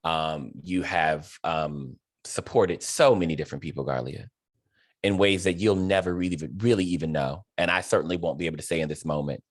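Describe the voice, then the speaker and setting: A man's voice: very deep voice, brisk, no echo, studio quality. A man hosting a video-call interview, talking in an effusive, emotional way with many fillers and restarts. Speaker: host.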